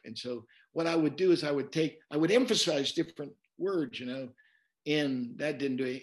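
Pastor guy chatting on an interview, kinda high voice, stumbles and repeats words while quoting verses. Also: moderate pace. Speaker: pastor and guest. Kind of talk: conversational preaching in an interview.

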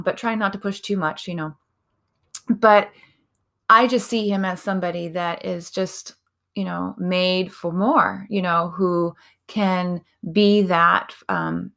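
Earnest mom podcaster telling a story. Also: female voice, lowish voice. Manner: earnest, animated, many fillers. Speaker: podcast host. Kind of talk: casual storytelling monologue.

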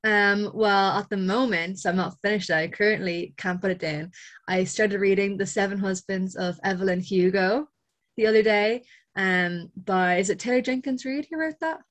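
A woman's voice: medium pitch, normal speed. A woman with an Irish accent, a podcast guest chatting casually, laughing easily and saying like and you know often. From Ireland. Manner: lively, laughs easily, many likes and you knows. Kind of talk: casual chat.

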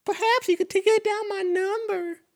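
A coy young gym girl, as a man puts her on, speaks in a prim, very high falsetto. The voice sits a bit back from the mic. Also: steady tone, normal speed, creaky.

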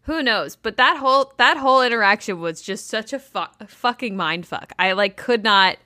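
A woman's voice: a little high, moderate pace, bright, forceful tone, no room sound, clean studio sound. A woman co-hosting a podcast, chatting bluntly and casually, with plenty of swearing. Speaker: podcast co-host. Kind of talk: casual recap chat.

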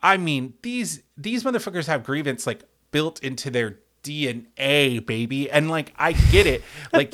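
A man hosting a sports podcast, talking in a profane, hyperbolic comic rant full of stammered restarts. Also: a little high. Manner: animated, rambling, stammers and restarts often; heavy swearing, hyperbolic.

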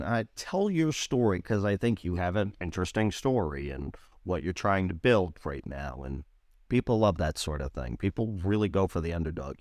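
Man, Rhode Island accent, lowish voice, dry close sound, podcast chat, lively storyteller. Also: no room sound. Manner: animated storyteller, jumps high when quoting others. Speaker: podcast co-host. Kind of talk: casual chat.

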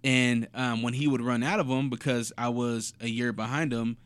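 A man from Portland with a mid-range voice, recorded close and dry with no room sound. He talks in a relaxed, slangy way and takes his time with a story. It sounds like easygoing podcast conversation. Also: mid-range voice, clean tone, dry recording. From Portland, USA. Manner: laid-back and slangy, unhurried storytelling. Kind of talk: casual chat.

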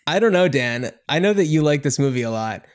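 A man's voice: fairly high pitch, expressive, fairly quick. A man co-hosting a casual movie review podcast, talking in a rambling, enthusiastic way full of fillers. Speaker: podcast co-host.

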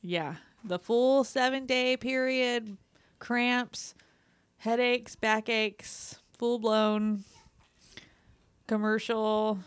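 A woman's voice: a little high, fairly even intonation, drawn-out words, smooth, no echo. A woman chatting frankly about her own experience as a mother, laughing as she talks. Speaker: mother joining the chat. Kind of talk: casual chat.

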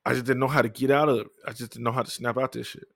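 A young man telling his life story in a candid, profane, rambling way, often low-key and downcast. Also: little pitch movement, rapid-fire, creaky, dry recording, clean studio sound. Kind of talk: personal storytelling monologue.

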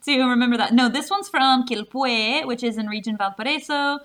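A woman's voice: a little high, fairly quick, fairly bright tone. A woman co-hosting a casual beer-tasting podcast, chatty and laughing, swearing now and then. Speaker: podcast co-host.

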